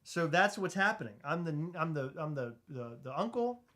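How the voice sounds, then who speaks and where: A man co-hosting a podcast in casual chat, loud, joking and teasing. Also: a little high, very animated, normal speed. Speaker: podcast co-host.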